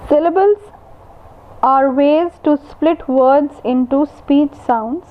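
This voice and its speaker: A female university lecturer with a high-pitched voice delivers a recorded lecture, slowly and deliberately defining terms one at a time. The audio sounds tinny, like a phone.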